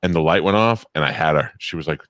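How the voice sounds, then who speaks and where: A middle-aged man with a very low voice rattles through crude stories at speed. He co-hosts a casual chat. The recording is dry and close. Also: fairly bright tone, no room sound. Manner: fast, crude storytelling. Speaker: co-host.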